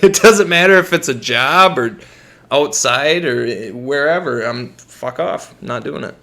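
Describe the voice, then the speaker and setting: A man's voice: on the high side, measured pace, creaky, pushed and bright. A young American man co-hosting a podcast, telling profane work stories in casual chat and laughing often. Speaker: podcast co-host.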